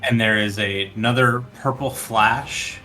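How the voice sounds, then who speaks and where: A man running a tabletop game as game master, counting out the monster's moves in an unhurried way. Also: fairly low pitch, steady tone, sharp tone, faint music behind.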